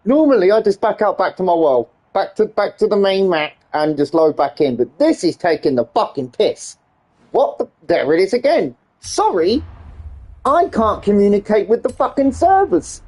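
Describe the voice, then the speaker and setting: A man's voice: sits high, big pitch swings, moderate pace, mellow. A man ranting and swearing nonstop as he streams a game. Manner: exasperated ranting, heavy swearing. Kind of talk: livestream gaming commentary.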